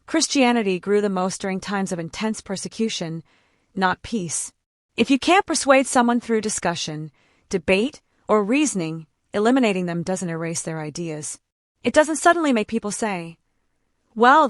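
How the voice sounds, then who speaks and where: A woman reading grave, measured commentary from a script. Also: mid-range voice, animated, no echo, clean studio sound.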